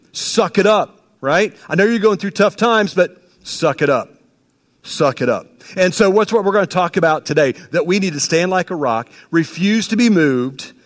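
A man with a fairly high voice preaches from a church sanctuary, hammering his points with repetition. He jumps between loud emphatic lines and quiet low asides. The hall gives his voice a long reverb. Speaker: pastor. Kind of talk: sermon.

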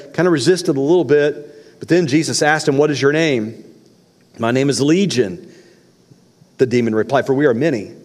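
A man preaching a sermon as pastor, folksy and animated, acting out the shouts in the story. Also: mid-range voice. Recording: long reverb of a large hall.

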